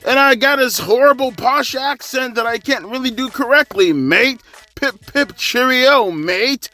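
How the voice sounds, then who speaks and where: A man's voice: very high voice, lively intonation, measured pace, pushed and bright, pitched above the performer's own voice, exaggerated voice. A man putting on a mocking impression of a rambling, pompous male wrestler with an exaggerated posh British accent. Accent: mock posh British.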